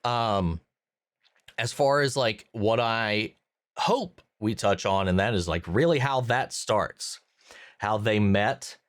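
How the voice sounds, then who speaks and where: Give me a man with a fairly low voice, musing casually through a show review, recorded dry and close. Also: takes it slowly, no room sound. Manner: musing, thinks aloud with many fillers and restarts. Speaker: reaction channel host. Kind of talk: casual post-episode review talk.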